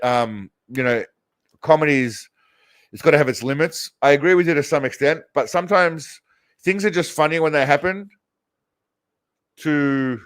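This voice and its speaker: A man's voice: a little high, clean tone. A man hosting a casual reaction show, rambling and swearing heavily as he comments on clips. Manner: crude, rambling, heavy swearing. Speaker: host reacting to videos.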